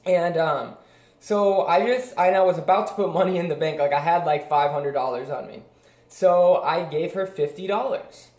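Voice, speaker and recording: A young man tells a personal story in a loose, rambling way, full of "like" and "um" and restarts. His voice sits a little high for a man. The room around him is echoey. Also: normal speed, darkish tone. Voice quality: rambling, many fillers and restarts. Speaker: vlogger. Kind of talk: casual storytelling.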